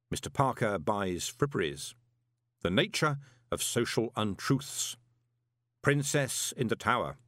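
A man narrating an audiobook in an expressive way. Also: on the low side, no room sound, studio quality. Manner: expressive, many voices. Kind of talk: scripted narration.

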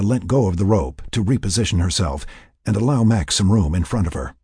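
A man narrating a tense story in a measured, scripted way with a raspy voice. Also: lowish voice, expressive, mellow, no room sound, studio quality.

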